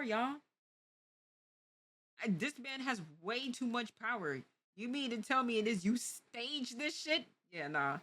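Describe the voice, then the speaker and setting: Exasperated woman streamer, bright voice. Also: fairly high pitch. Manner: exasperated, repetitive, casual. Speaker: streamer reacting to a video. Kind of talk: live stream reaction.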